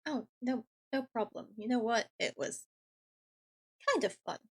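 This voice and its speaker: A woman playing her character in a tabletop game, speaking politely with a lively, swooping voice. Her voice is slightly husky and sits fairly high. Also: a little slow. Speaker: player.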